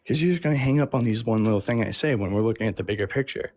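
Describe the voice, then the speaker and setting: A man's voice: mid-range voice, very fast, a little mellow, no room sound. A man calling into a live debate, rambling and defensive as he explains his beliefs. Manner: rambling, defensive, many fillers. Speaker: caller.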